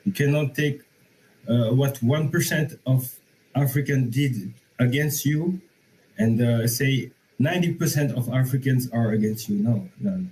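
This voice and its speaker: A man's voice: mid-range voice, measured pace, darkish tone, a little hiss or hum, poor audio. A young man from Senegal with a Senegalese accent, calling in to argue, hesitant and full of fillers but insistent. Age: young adult. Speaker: caller. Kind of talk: call-in debate.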